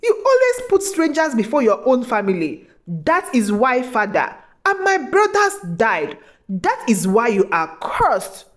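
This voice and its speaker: Woman narrator putting on a high, shrill grown daughter, demanding and suspicious, storybook telling. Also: huge pitch swings, measured pace. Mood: bitter.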